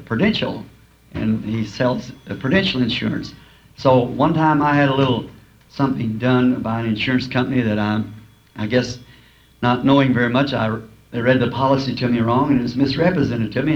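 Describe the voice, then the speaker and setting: A man preaching to a congregation, telling homespun stories and chuckling at his own jokes. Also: medium pitch. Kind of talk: folksy sermon with humorous anecdotes. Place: school auditorium before a congregation. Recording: dull lo-fi archival tape with faint hiss.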